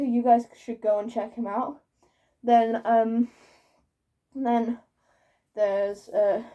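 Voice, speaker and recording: A woman's voice: fairly high pitch, mellow. Rambling self-mocking young woman. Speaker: YouTuber. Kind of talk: casual vlog monologue. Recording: voice a bit far from the mic.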